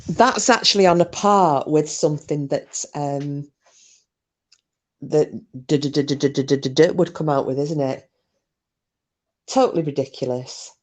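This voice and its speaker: A woman's voice: low voice, unhurried, pauses often. A woman hosts a casual livestream, reading comments aloud in a chatty, sweary way. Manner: chatty, sweary, laughs easily. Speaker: livestream host.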